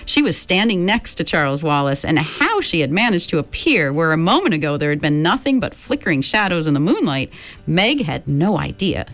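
A woman reading a story aloud in a calm, measured narrating voice. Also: deep voice. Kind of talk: audiobook narration.

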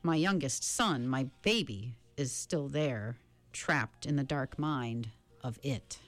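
A woman voicing a steady, solemn older father in a storybook, speaking slowly and distinctly. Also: extremely low pitch, soft background music, pitched below the performer's own voice. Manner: slow and distinct.

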